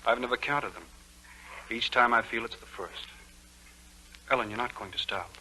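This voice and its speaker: A man's voice: medium pitch, moderate pace, pushed and bright, poor audio. An actor playing Newland, an ardent young man in love, in a 1940s radio play, urging and pleading. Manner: urgent, pleading, breathless romantic. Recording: old radio broadcast with faint hiss.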